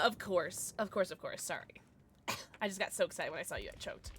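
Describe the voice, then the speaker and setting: A woman's voice: on the low side, a little slow, pushed and bright. A young adult woman streaming from home, chatting casually and gushing at her chat with sudden squeals.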